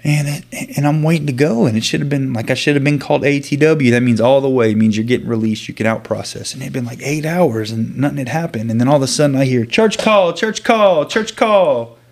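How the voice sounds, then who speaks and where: A man earnestly telling his own story as an interview guest, halting and restarting often. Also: mid-range voice, fairly even intonation, vocal fry, darkish tone. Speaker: guest sharing his testimony. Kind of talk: personal storytelling.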